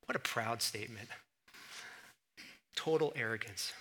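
A man preaching a sermon in an animated, emphatic way, full of rhetorical questions. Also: on the high side, moderate pace. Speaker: pastor.

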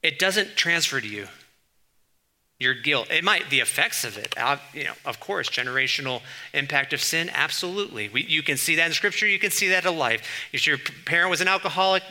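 A man delivers a sermon in a very bright, ringing voice pitched slightly high. He talks to the congregation in a conversational way, reading scripture aloud and slipping into quick asides. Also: expressive. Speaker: pastor.

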